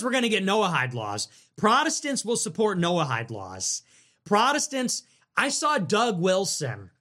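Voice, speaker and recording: A man hosts a casual livestream into a desk mic, his voice pitched high for a man and swinging widely up and down. His tone is bright and forceful, full of sarcastic, provocative jabs as he reacts to chat. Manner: animated, sarcastic, provocative, jokey. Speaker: livestream host reading donations.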